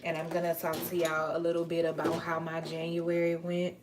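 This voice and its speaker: A woman chatting casually on a livestream, playful and drawn-out, while washing dishes at home. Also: on the low side, monotone, background noise. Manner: chatty, playful, drawn-out words, Southern US slang. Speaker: vlogger. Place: home kitchen.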